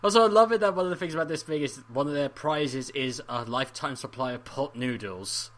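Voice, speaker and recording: A man's voice: fairly high pitch, fairly quick, fairly bright tone. A young man from England co-hosting a movie commentary, groaning in mock despair and laughing often. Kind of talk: casual film commentary chat.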